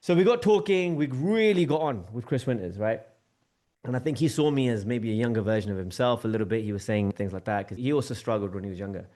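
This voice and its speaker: A man's voice: medium pitch, fast. Man telling a story. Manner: lively, acts out quoted dialogue with shifting tone. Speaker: podcast guest. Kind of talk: storytelling anecdote in conversation.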